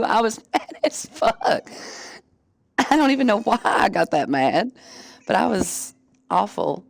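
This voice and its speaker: A woman's voice: fairly low pitch, big pitch swings, a little fast, creaky, no echo. A woman streamer chatting casually with her viewers, candid and profane, often laughing. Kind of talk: casual chat.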